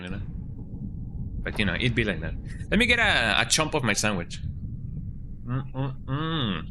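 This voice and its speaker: A man's voice: medium pitch, background noise. A man streaming a horror game, joking and chatting casually as he plays and often tagging his lines with "eh?". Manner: playful, jokey, keeps tagging lines with "eh?". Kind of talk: casual gameplay commentary.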